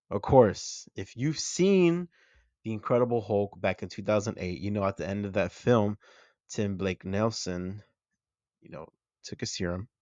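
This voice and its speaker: Excited young man breaking down a trailer. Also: on the low side, no room sound, highs cut off. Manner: excited, chatty, self-correcting fan talk. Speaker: movie channel host.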